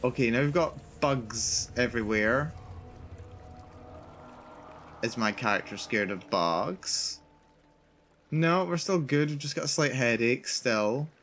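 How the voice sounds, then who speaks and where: A man's voice: mid-range voice, a little slow, fairly bright tone, a little hiss or hum. A male streamer giving live commentary on a horror game, nervous and repeating himself as he narrates his own fear. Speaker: VTuber streamer.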